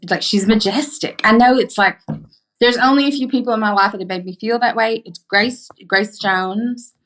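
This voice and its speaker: A middle-aged woman from Arkansas with a Southern accent, a podcast guest telling stories in emphatic, animated casual chat with plenty of swearing. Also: a little high, moderate pace.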